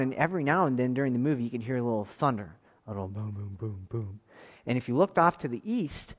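A man in his thirties tells a family story in a loose, rambling way. He starts over often and slips into lively voiced quotes. His voice sits at an ordinary middle pitch. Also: big-room sound. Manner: rambling, animated, with quick restarts and voiced quotes. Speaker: father telling a church camp story. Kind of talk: casual storytelling.

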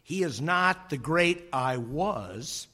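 A man preaching a sermon, slow and dramatic, dropping to a near whisper on key phrases and acting out voices in his stories. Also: fairly high pitch, lively intonation, pushed and bright. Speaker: pastor.

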